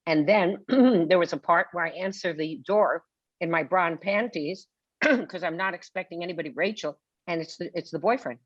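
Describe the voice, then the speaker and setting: A woman's voice: fairly low pitch, moderate pace, no room sound. An older woman talking on a webinar as a guest author, telling stories theatrically and acting out the people she quotes. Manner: theatrical storyteller who acts out quotes. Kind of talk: webinar conversation. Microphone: video call. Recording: dull lo-fi video call audio.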